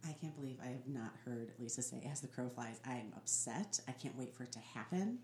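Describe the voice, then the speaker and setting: A woman co-hosting a podcast speaks in a rumbling low voice, a little fast, chatting casually and telling lively stories with laughter. The recording is from an echoey room with faint noise.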